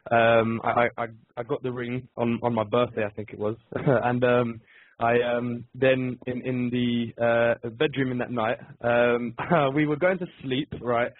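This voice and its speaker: A young man with a London accent, a musician answering interview questions by phone, halting and hesitant with many ums. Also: medium pitch, little pitch movement, dry recording. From England. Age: young adult. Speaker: musician guest. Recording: dry tinny phone line.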